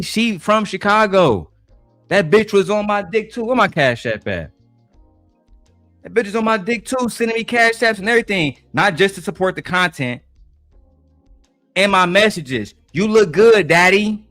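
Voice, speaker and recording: A man streaming live, telling stories in a profane, boastful, animated way. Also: a little high, no echo. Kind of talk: livestream rant.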